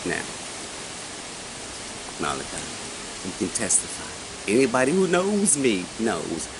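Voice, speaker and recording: Man in his forties, casual storytelling, animated, keeps asking the listener questions, noisy recording. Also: on the low side, a little slow. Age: 40s.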